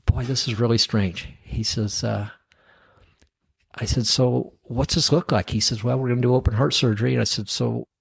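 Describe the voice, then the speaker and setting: A middle-aged man with a husky, slightly breathy voice at an ordinary pitch tells a personal story as a podcast guest. He acts out the lines of the people in it and chuckles along. The sound is dry and close, with no room around it. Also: moderate pace, dry recording. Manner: animated storyteller acting out dialogue, chuckling at his own story. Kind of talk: storytelling in a casual interview.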